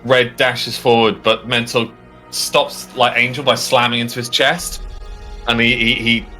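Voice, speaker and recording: A man narrating as game master of a tabletop game, halting, with many fillers and restarts. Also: medium pitch, little pitch movement, pushed and bright, faint music behind.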